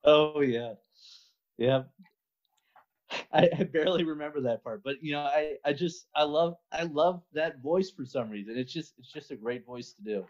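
A man's voice: on the high side, moderate pace, darkish tone. A man being interviewed as a podcast guest in casual chat, talking hesitantly with plenty of fillers. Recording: muffled lo-fi audio.

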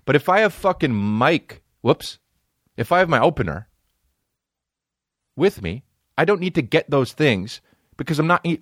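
A man's voice: on the high side, unhurried, pauses often, no room sound, clean studio sound. A man hosting a podcast, telling a rambling comic story full of swearing and restarts. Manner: profane, animated, rambling storyteller. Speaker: podcast host. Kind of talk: comedic storytelling.

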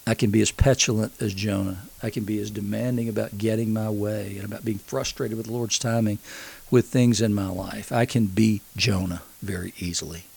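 A man's voice: fairly low pitch, fairly even intonation, a little fast, creaky, a little mellow, slightly rough. A man preaching a conversational sermon, earnestly retelling a scripture story and acting out its quotes.

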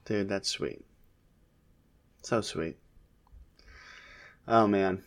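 A man in his thirties, a podcast co-host, casually chatting about his kids in a relaxed, rambling way with lots of fillers. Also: low voice, very slow. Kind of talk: casual chat about family.

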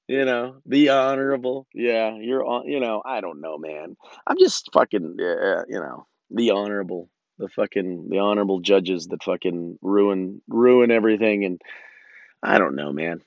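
A man with a fairly low, gravelly voice talks at a normal pace, hosting a solo podcast. He rambles and swears, restarts often, and breaks into bursts of political ranting. The lo-fi recording sounds dull and dry, with no echo.

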